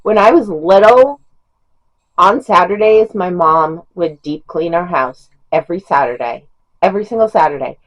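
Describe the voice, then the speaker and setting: Chatty woman with a lowish voice. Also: expressive, normal speed, muffled recording. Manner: chatty, rambling, with fillers and laughs. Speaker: book reviewer. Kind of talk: casual chat.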